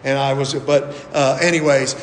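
A man's voice: mid-range voice, steady tone, normal speed, slight background noise. A middle-aged male pastor preaching a sermon in a folksy, rambling way, with fillers and small chuckles. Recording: echoey hall with long reverb.

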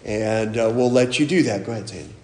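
A man giving a children's sermon as pastor, telling a story in an animated way and asking questions. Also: on the low side, brisk. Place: church sanctuary. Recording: echoey church hall, mic far off.

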